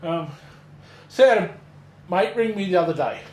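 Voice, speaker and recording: An Australian man co-hosts a podcast, chatting in a relaxed, casual way, swearing freely and telling rambling jokes. His voice is high-pitched and slightly mellow, with lively intonation and a moderate pace. The room is echoey and carries faint noise.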